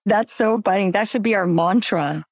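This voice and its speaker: A woman's voice: medium pitch, normal speed, no echo, studio quality. A woman hosting a casual chat, chatty and laughing often. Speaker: podcast host.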